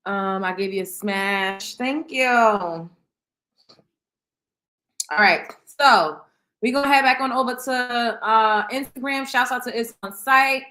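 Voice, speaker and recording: Woman, livestream host, casual slangy chat, high pitch, bright tone. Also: slow pace. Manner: chatty, slangy, addresses viewers. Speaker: show host.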